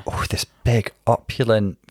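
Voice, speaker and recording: A man, co-hosting a casual reaction chat with campy, excitable commentary. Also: on the low side, unhurried, dry recording, clean studio sound. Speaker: podcast co-host.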